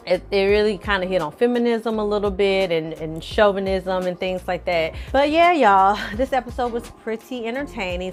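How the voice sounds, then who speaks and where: Animated woman recapping a show. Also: medium pitch. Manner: animated, colloquial, addresses viewers as y'all and honey. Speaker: film review vlogger. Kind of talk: casual recap chat.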